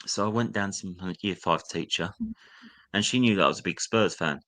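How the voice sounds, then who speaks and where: A man's voice: fairly low pitch, a little fast, pushed and bright. A young man telling candid personal stories from his school days, now and then putting on the sneering voice of a teacher. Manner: candid, reliving memories, acts out a teacher's sneering voice. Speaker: guest. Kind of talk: personal storytelling.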